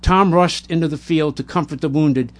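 Man reading a war story aloud. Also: fairly high pitch. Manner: measured, plain delivery with occasional stumbles and self-corrections. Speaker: narrator.

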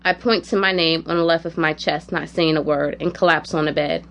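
A woman narrating a personal story in the first person, in a quiet, measured, reflective way. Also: sits low, steady tone.

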